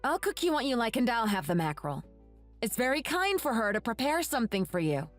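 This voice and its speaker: A woman's voice: fairly high pitch, sing-song, brisk, soft background music. A woman voicing a young wife who scolds her husband reproachfully.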